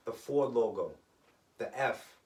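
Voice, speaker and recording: A man co-hosting a casual podcast, talking in an animated way, storytelling and swearing as he argues his point. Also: medium pitch, takes it slowly, echoey room, recorded from a distance. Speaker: podcast co-host. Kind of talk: casual chat.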